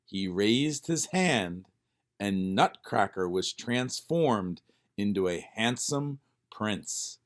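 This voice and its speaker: A man reading a children's storybook aloud with expressive narration. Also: lowish voice, slow pace. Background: faint music.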